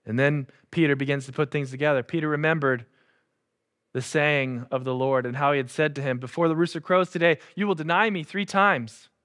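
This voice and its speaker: A man's voice: a little high, steady tone, a little fast, fairly bright tone, clean tone. A man preaching a sermon in a casual, conversational way, acting out the quotes. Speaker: pastor. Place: church.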